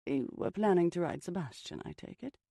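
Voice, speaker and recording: Reader doing playful older mansion lady, cooing, teasing, lively swoops in pitch, gravelly edge. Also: a little fast, no echo, clean studio sound. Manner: cooing, amused, calls everyone darling.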